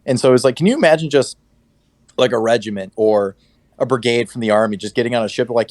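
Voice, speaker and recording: A man co-hosting a casual podcast chat, telling stories in a relaxed way with plenty of fillers. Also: mid-range voice, fast talker. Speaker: podcast co-host.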